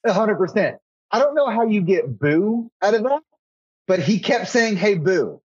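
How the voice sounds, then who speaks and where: A young man rambles through casual chat, filling his sentences with "like". His voice sits somewhat high, and the recording is dry and a little muffled. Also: animated, moderate pace, a little mellow, breathy edge, no echo. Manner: rambling, says "like" a lot. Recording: slightly dull podcast audio.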